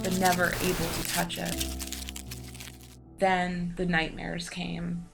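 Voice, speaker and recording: A woman giving a slow, solemn scripted voice-over narration for a documentary. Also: on the low side, gravelly. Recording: voice-over with music behind.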